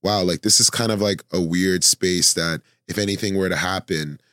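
A man's voice: deep voice, steady tone, moderate pace, fairly bright tone, dry recording, studio quality. A young man, a filmmaker guest, telling a story in a thoughtful, meandering casual chat. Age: young adult. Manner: thoughtful, many fillers and restarts.

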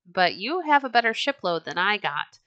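A wry Viking explorer muses aloud, as a woman reads him from a storybook. The voice is bright and clear, close and dry. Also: medium pitch, sing-song, moderate pace, dry recording, highs cut off.

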